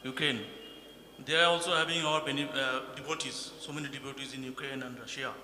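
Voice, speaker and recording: A man in the audience asks a question, halting and searching for words. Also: mid-range voice, fairly even intonation, bright, forceful tone. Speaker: audience member asking a question. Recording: echoey hall with faint noise.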